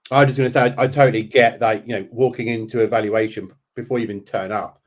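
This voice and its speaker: A man hosting a webinar interview over a video call, thinking aloud in halting phrases with many restarts. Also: mid-range voice, steady tone.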